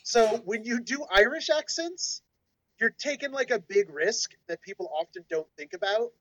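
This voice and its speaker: High-voiced man explaining, dry sound. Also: expressive, normal speed, bright, forceful tone, dry recording, dull audio. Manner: explanatory, lecturing tone. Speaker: podcast co-host. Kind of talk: casual discussion.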